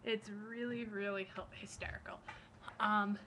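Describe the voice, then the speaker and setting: A young adult woman, vlogging in a rambling, excitable way, sometimes dropping to soft, near-whispered asides. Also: medium pitch, moderate pace, a little hiss or hum, rough recording. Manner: excitable, rambling, gushing storyteller who acts out quotes. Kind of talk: casual chat.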